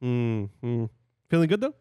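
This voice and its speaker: An easygoing man at a mid pitch co-hosts a podcast and agrees and laughs along in casual chat. The sound is close and dry. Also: sing-song, slow pace, dark tone, smooth, no echo. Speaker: podcast co-host.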